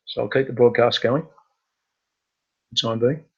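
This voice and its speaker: A man hosting a casual live computer training webinar, talking in a halting way with many fillers and restarts. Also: mid-range voice, fairly even intonation, breathy edge, muffled recording.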